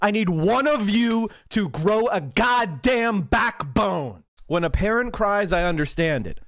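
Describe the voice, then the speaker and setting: A man's voice: sits high, lively intonation, measured pace, a bit bright, dry recording, clean studio sound. Fiery, profane man ranting on stream. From Pennsylvania. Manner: angry, profane, emphatic. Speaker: political livestream host. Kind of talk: heated livestream rant.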